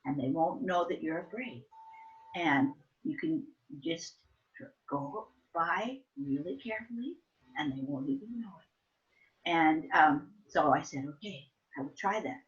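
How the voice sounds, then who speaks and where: An older woman recalls her childhood in an easy, chatty interview. She livens her tellings by acting out her younger self and her mother. The recording sounds a little dull and muffled. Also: low-pitched. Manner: animated storytelling, acts out her younger self. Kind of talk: telling family stories. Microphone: soft and distant at times.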